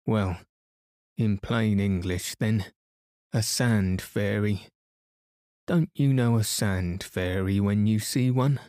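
A man's voice: lowish voice, slow pace, long pauses, darkish tone, no echo, studio quality. Man voicing a touchy ancient sand fairy. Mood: testy. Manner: cross, haughty, easily offended. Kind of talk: bedtime story reading.

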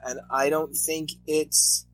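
A man in casual chat about comics, animated and often exasperated as he reviews the stories. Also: on the high side, takes it slowly, soft background music, poor audio. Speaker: comic podcast co-host.

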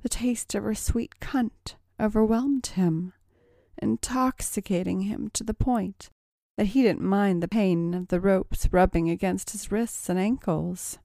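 A woman narrating an erotic audio story in a slow, sultry reading. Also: mid-range voice, creaky, dark tone, no room sound, clean studio sound.

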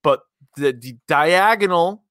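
A man's voice: on the high side, lively intonation, slow, a bit bright, no echo. A man hosting a casual podcast, dry and blunt, with a joking tone. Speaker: podcast host. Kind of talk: casual chat.

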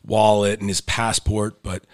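Low, gravelly man in dry close sound. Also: level tone, measured pace, no echo. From New York City. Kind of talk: casual chat.

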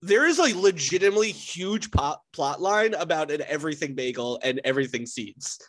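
A man's voice: on the high side, animated, fairly quick, a bit bright. A man talking as a podcast guest, rambling with many fillers and restarts. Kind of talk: casual chat.

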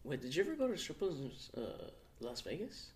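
A man's voice: fairly high pitch, huge pitch swings, fairly quick. A young man co-hosting a podcast, firing off teasing questions and crude jokes. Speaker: podcast co-host. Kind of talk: casual chat.

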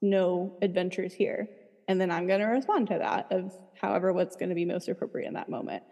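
A woman's voice: fairly low pitch, quick pace, gravelly, darkish tone, big-room sound. A woman therapist talking casually in an interview, chatty and full of "like.". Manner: chatty, fills speech with "like". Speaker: licensed therapist, guest.

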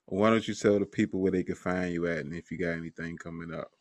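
A man's voice: low-pitched, big pitch swings, fast talker, creaky, no echo. A man hosting a podcast interview, laid-back and joking, with lots of filler phrases. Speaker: podcast host.

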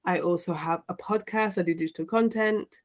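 A woman's voice: lowish voice, fairly quick. A young adult woman with a Birmingham Midlands accent, chatting casually as a podcast guest, a bit self-deprecating. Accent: Birmingham, English Midlands. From England. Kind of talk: casual interview chat.

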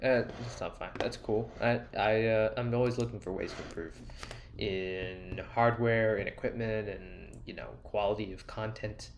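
A man hosting a casual solo podcast, rambling through asides, self-deprecating jokes and quick take-backs. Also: on the low side, fairly even intonation, a little hiss or hum. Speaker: podcast host.

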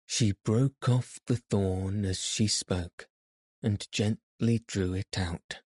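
Slow, mellow male storybook narrator. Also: on the low side, steady tone, breathy edge, no echo, clean studio sound. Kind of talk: storybook reading.

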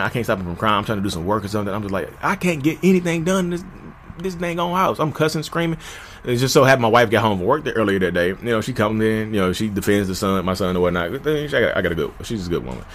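Fast-talking candid man, low voice. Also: animated, a little hiss or hum. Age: 30s. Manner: candid, conversational, addresses listeners as "y'all"; jumps to shouting pitch when reenacting arguments. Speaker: podcast host. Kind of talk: personal storytelling monologue.

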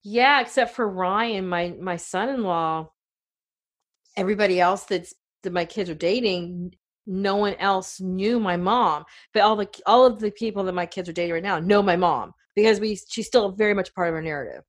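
A middle-aged woman in casual conversation, telling family stories in a rambling, animated way with many fillers. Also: mid-range voice, moderate pace. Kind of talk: casual chat.

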